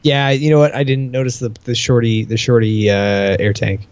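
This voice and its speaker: A man's voice: medium pitch, a little fast, a little mellow, dry recording, lo-fi sound. A man co-hosting a casual podcast, telling long rambling stories, swearing freely and acting out quoted dialogue. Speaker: podcast co-host.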